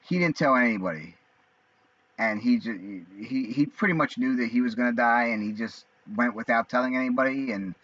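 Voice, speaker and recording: A man in his forties talking casually on his own, rambling and halting with many fillers and restarts. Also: mid-range voice, a bit bright, no echo. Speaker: vlogger. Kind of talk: casual monologue. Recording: dull lo-fi sound.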